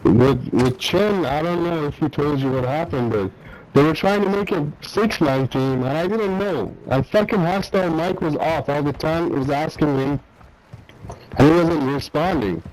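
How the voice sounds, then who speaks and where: A man's voice: a little high, moderate pace, darkish tone. A man in casual gaming chat, blunt and profane as he complains about other players. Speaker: gaming friend. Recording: noisy background.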